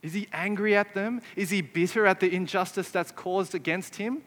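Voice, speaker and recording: A man's voice: high-pitched, moderate pace, fairly bright tone, long reverb tail. A man preaching a sermon, emphatic and often putting rhetorical questions to his listeners. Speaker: pastor.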